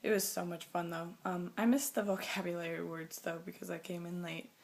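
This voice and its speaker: A teenage girl vlogging, telling a story to camera in a chatty way, with many "like"s and restarts, jumping between loud bursts and quiet asides. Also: lowish voice, little pitch movement, a little fast, creaky. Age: teens.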